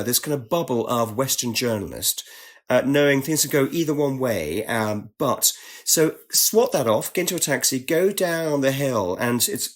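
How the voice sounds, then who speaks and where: A British man, a guest on a talk show, telling an animated story in conversation and slipping into other voices when quoting people. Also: medium pitch. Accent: British English. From Britain.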